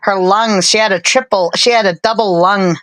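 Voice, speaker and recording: A woman co-hosting a live stream, chatting casually in a rambling, self-deprecating way with many fillers and pauses. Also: mid-range voice, fairly even intonation, a bit bright, low-quality recording.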